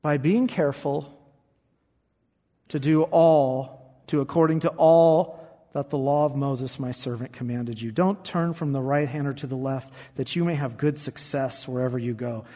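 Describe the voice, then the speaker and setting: A man preaching a sermon, reading scripture with emphasis and rising high on the quoted verses. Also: steady tone, normal speed, dark tone. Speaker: pastor. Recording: long reverb of a large hall.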